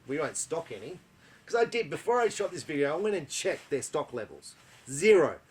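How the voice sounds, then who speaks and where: A man's voice: fairly high pitch, big pitch swings, fairly quick, breathy edge. An older Australian man who runs an archery shop, talking to camera in a blunt, exasperated way, full of rhetorical questions and tag questions. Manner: blunt, exasperated, rhetorical, keeps asking "right?". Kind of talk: frustrated monologue to camera.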